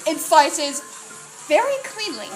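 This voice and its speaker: A young woman narrating as game master of a tabletop game, casual and halting, often breaking into laughter. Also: high voice, very animated. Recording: loud crowd chatter and music behind.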